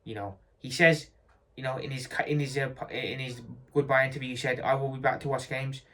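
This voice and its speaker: A man rants as a football fan, blunt and emphatic, circling back to the same points again and again. His voice sits at an ordinary middle pitch for a man. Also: steady tone, fairly quick, a bit bright. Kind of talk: opinionated fan rant.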